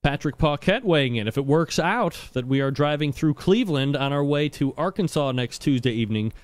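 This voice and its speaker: A man's voice: on the high side, lively intonation, fairly quick, dry recording. Rambling joking male talk show host. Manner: joking, rambling, lots of filler uh. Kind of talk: casual live call-in show banter. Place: home studio. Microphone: studio microphone.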